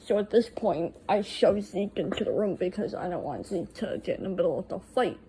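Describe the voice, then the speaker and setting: A woman's voice: mid-range voice, expressive, fairly quick, dark tone, slight background noise, rough recording. A young woman casually recounting a night from her own life, blunt and swearing freely. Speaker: storyteller. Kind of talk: casual first-person storytelling.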